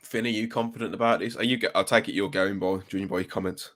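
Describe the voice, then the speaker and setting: A man's voice: low-pitched, steady tone, a bit bright. A man hosting a podcast, chatting casually about football and reading out player names. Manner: reels off player names slowly while reading a list. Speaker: podcast host.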